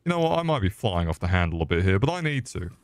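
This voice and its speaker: A man's voice: sits low, sing-song, fast talker, no room sound. A British man ranting crudely and swearing heavily while commentating a game on stream. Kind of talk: casual gaming stream commentary.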